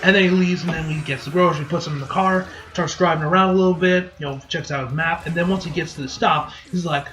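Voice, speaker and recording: A man's voice: fairly high pitch, quick pace, hardly any pauses, roomy sound, slight background noise. A man recapping and reviewing an anime episode in a casual, rambling, profane way, acting out lines in goofy voices. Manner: rambling, profane, acts out quotes in animated voices.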